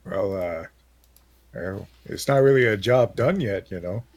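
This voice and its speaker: Guy player in a tabletop game, lively up-and-down pitch, halting, dry sound. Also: no echo. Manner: halting, full of fillers.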